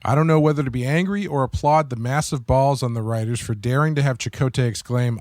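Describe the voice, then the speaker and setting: Halting male podcast co-host. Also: mid-range voice, a little mellow, no echo, clean studio sound. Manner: halting, thinks aloud with fillers. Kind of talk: casual chat.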